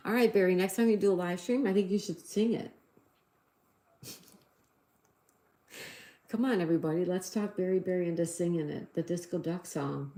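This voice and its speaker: A woman's voice: lowish voice, mellow, echoey room. A middle-aged woman hosting a casual livestream, chatting, giggling and reading out viewers' comments. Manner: chatty, giggly, reads out chat messages. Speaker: livestream host.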